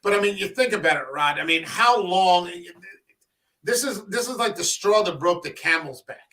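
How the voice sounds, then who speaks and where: A man's voice: high-pitched, lively intonation, normal speed, bright, forceful tone. A man co-hosting a casual film podcast, telling stories in a rambling way and swearing freely. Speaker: podcast co-host. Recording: voice a bit far from the mic.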